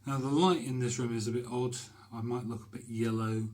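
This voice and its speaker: A British shaving vlogger talks casually to camera in a small bathroom, chatty and hesitant with many fillers as he describes a shaving brush. His mid-range voice is a little mellow, fairly even in intonation, and a little fast.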